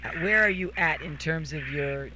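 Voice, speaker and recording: A woman hosting a radio show, teasing a caller with quick, mock-outraged banter. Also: deep voice, a crowd in the background. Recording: loud hiss under the voice.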